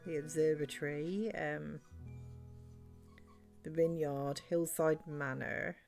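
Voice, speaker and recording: A woman's voice: low voice, fairly even intonation, slow pace, creaky, darkish tone, soft background music. A woman streamer thinking aloud while playing a cozy farming game, with lots of ums and likes. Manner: rambling, thinking aloud with fillers. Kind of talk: casual gameplay commentary.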